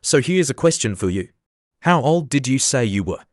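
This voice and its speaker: A man voicing a pompous, self-important egg man who is quick to take offence, read as an audiobook character. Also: mid-range voice, very animated, no room sound, studio quality, close to an everyday voice. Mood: haughty.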